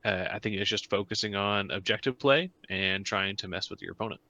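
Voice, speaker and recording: A man co-hosting a casual podcast, halting and chuckling as he weighs game pieces. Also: fairly low pitch, bright, forceful tone, poor audio. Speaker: podcast co-host.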